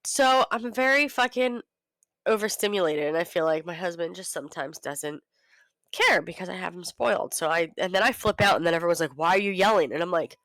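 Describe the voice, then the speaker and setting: A woman's voice: lowish voice, a little fast, dry recording, poor audio. A woman in her thirties co-hosting a casual podcast, ranting and telling stories with lots of swearing. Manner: profane, ranting, animated storytelling. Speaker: podcast co-host. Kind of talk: casual chat.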